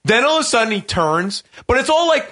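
A male radio host tells a rowdy, profane story in loose chat. He acts out the quotes in his tale and laughs his way through it. His voice sits high and sounds bright, with wide, lively swings in pitch. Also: quick pace.

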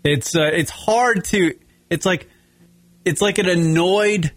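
A Long Island, New York man hosts a casual comedy radio show, rambling profanely through animated stories. His voice sits high and moves slowly, with no room sound.

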